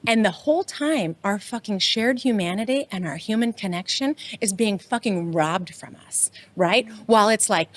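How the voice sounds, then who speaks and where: A woman's voice: medium pitch, expressive, a little fast, hardly any pauses. A woman co-hosting a podcast, talking with passion, swearing often and ending points with "right?". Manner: impassioned, swears often, frequent "right?" tags. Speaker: podcast co-host. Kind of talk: casual podcast chat.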